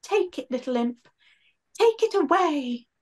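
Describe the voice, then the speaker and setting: A woman's voice: high voice, lively intonation, unhurried, darkish tone, voice pushed up. A woman voicing a boastful, melodramatic young woman guardian of a castle, reading aloud from a storybook. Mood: feebly pleading. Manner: overacted dying gasps.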